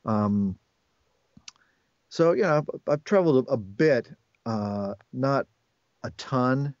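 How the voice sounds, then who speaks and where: A man's voice: medium pitch, lively intonation, takes it slowly, a little mellow, dry recording. Chatty man with a rambling manner. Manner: chatty, rambling with many restarts. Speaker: voice actor guest. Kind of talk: casual interview chat. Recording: dull, dry lo-fi recording.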